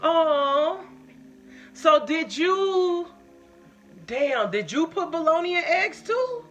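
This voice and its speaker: A woman's voice: extremely high pitch, very animated, slow pace, a bit bright, faint music behind. A woman chatting on a live stream. She tells her own stories and reads out viewer comments, blunt, profane and candid. The sound is a little muffled and lo-fi, like stream audio. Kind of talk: casual live-stream chat, storytelling.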